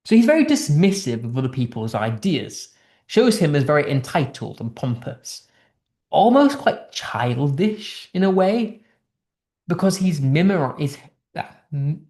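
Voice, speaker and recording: A man's voice: on the high side, mellow, reverberant. A man teaching English literature in a casual online lesson, explaining a text line by line in a chatty way with restarts, from the United Kingdom.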